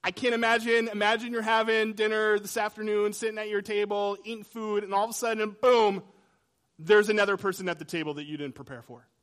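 A man preaching a sermon in a conversational way, swinging between loud emphasis and quiet, hushed lines. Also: high voice, steady tone, a little fast. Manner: dramatic shifts between loud and soft. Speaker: pastor.

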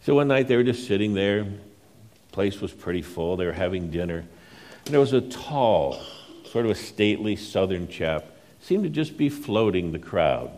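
A pastor telling a story during a sermon, unhurried and dropping to a soft hush for emphasis. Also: male voice, fairly low pitch, very animated.

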